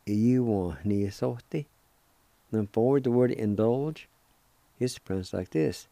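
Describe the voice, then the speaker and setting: A man presents a patient radio vocabulary lesson in a mid-range, mellow, creaky voice, never rushing. Spelling each word letter by letter and repeating how it's said, he stays politely encouraging. The recording has no room sound.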